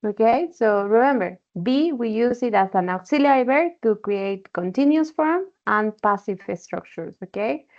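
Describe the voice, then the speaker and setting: A woman's voice: on the high side, expressive, moderate pace, few pauses. A woman teaching an online English class, explaining patiently and checking in often with "okay?". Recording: dull lo-fi call audio.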